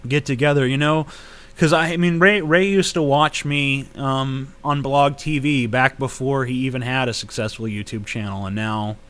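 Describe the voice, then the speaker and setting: A man's voice: medium pitch, a bit bright. Blunt, profane man in his late twenties. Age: late 20s. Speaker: vlogger answering viewer questions. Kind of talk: casual vlog Q&A.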